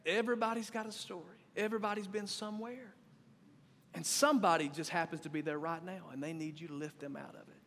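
A man in his thirties preaching a sermon as pastor, conversational and animated, swinging between loud and quiet. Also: fairly high pitch, brisk. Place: church sanctuary. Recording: long reverb of a church hall.

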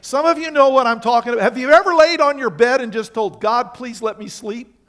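High-voiced man preaching a sermon. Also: fast talker, fairly bright tone. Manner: emphatic preaching with rhetorical questions. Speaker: pastor.

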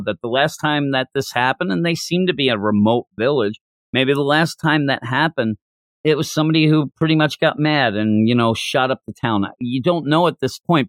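Casual male podcast host, middle pitch, dry close sound, rambly, acts out bits. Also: no echo. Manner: rambling, animated, acts out quotes. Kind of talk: casual manga discussion.

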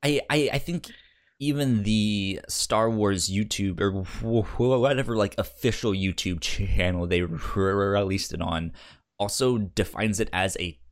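A man co-hosting a casual podcast chat, stumbling through restarts and fillers, with the hiccups. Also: lowish voice. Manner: halting, many restarts and fillers. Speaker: podcast co-host.

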